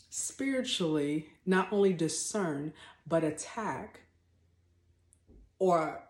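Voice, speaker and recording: A woman with a fairly low, slightly mellow voice gives spontaneous spiritual teaching on her faith vlog. She speaks off the cuff in an emphatic, blunt way, often repeating herself and restarting sentences, and the recording has a roomy echo.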